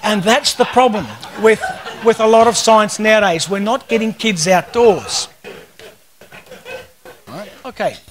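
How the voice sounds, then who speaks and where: A man's voice: high-pitched, a little slow, pauses often. A man in his fifties with an Australian accent, giving a casual, joking conference talk full of stories. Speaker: conference speaker.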